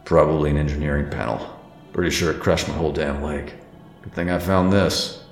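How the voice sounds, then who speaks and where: Guy putting on a super deep gruff grizzled guy, bitter and sneering, sounds hurt, audiobook. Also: fairly even intonation, brisk, roomy sound, soft background music. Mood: grim. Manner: mocking, condescending. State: coughing, in pain. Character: gruff, bitter, injured older man.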